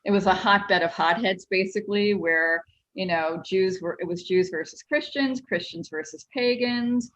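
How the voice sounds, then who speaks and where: A woman cartoonist and author telling stories as an interview guest, animated and chatty. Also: medium pitch, moderate pace. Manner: animated storyteller, lots of "like". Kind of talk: casual interview chat.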